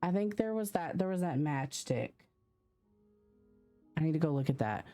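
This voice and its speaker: Young woman game streamer, low and mellow, gushy, swears, faint music under. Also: animated. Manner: emotional, swearing, quick to gush. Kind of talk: live game stream commentary.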